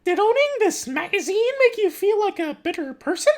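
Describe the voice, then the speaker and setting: A squeaky cartoon-mouse mother. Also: sing-song, normal speed, full character voice. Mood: stern. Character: shrill, prim suburban mother, stern. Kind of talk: casual read-aloud of a children's book.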